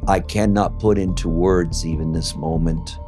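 A man giving an emotional, halting account as an interviewee, swearing at times. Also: low voice, fairly even intonation, over music. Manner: halting and emotional, with fillers and profanity. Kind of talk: emotional personal testimony.

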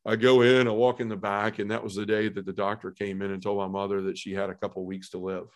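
This middle-aged man's voice is on the low side, flat and fast as he shares his personal story as a podcast guest. Earnest and heartfelt, he fills his talk with frequent "you know" and "man."

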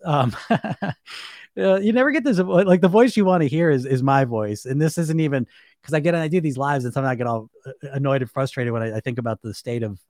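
A man's voice: on the high side, no room sound, clean studio sound. Rambling, emphatic man coaching on weight loss. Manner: rambling, emphatic, laughs often, mocking imitations. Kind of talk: casual live-stream talk.

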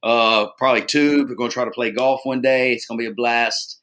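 A man's voice: mid-range voice, steady tone, a little fast, a bit bright. A man co-hosting a casual podcast, joking around and rambling with plenty of fillers. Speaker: podcast co-host.

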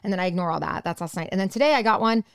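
A woman's voice: mid-range voice, very fast, clean tone, dry recording, studio quality. A woman co-hosting a podcast, telling a story in casual chat and acting out quotes with sarcasm. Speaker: podcast co-host.

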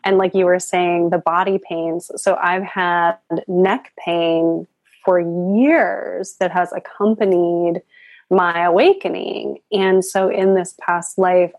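A woman's voice: fairly low pitch, a little mellow, dry recording. A woman guest on a spiritual podcast, telling her story in a reflective, earnest way.

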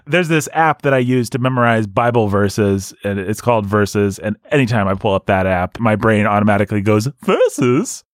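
A man's voice: lowish voice, a little fast, few pauses, no echo, studio quality. A man co-hosting a book podcast in casual chat, joking and laughing often. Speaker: podcast co-host.

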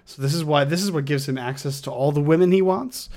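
A man's voice: on the high side, fast talker, a little mellow. A man co-hosting a casual podcast chat, opinionated and building his argument step by step. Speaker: podcast co-host.

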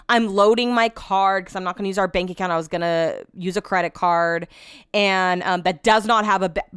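A woman's voice: medium pitch, fairly bright tone, clean tone, no echo, studio quality. A woman hosting a podcast, telling a story in a casual, rambling way, full of "like"s and frank swearing. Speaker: podcast host.

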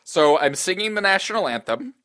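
A man co-hosting a comedy podcast, telling stories in a lively way and laughing often. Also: high-pitched, brisk, dry recording, clean studio sound. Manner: animated storyteller, laughs often. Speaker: podcast co-host. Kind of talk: casual comedic chat.

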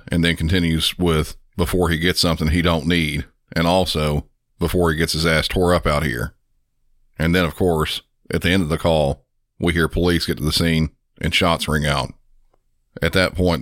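A man hosting a podcast, calmly narrating and commenting on emergency calls in a measured, matter-of-fact way. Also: extremely low pitch, no room sound, studio quality. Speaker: podcast host.

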